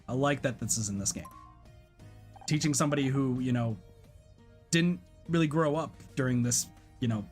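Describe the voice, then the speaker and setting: A man streaming a video game, talking casually and hesitantly as he plays. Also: medium pitch. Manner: rambling, hesitant. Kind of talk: casual gameplay commentary.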